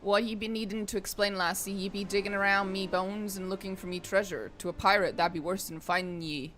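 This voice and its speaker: A woman's voice: medium pitch, steady tone, fairly quick, fairly bright tone, slight background noise, close to an everyday voice. A woman doing a growling ghost pirate. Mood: scornful. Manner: put-on pirate voice drifting toward a drawl. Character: menacing old male ghost skeleton pirate.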